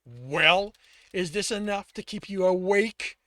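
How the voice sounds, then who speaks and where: A loud, sneering thug who enjoys cruelty, as a man reads him out. The voice is pitched high and raspy with gravel, with dry, close sound. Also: sing-song, a little fast, no echo, heavily acted. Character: lanky, cruel male thug with a stick.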